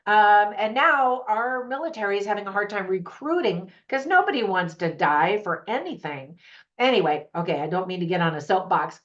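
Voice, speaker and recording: A woman's voice: mid-range voice, animated, moderate pace, a bit bright. A woman hosting her own movie review channel, chatting to camera with opinionated, laughing asides. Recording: slightly dull lo-fi audio.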